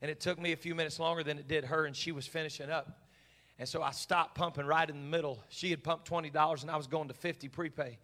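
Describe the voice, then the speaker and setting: A male pastor with a high-pitched voice tells a story from the pulpit. His tone is bright and forceful, and he speaks in a plain, conversational style. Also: fairly even intonation, fast. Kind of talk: sermon with personal story.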